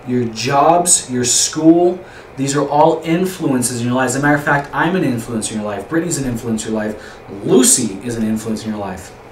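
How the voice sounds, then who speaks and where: A young man leading an informal youth group lesson, rambling, repeating himself and asking the group questions. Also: a little high. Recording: roomy echo, distant mic, faint room noise.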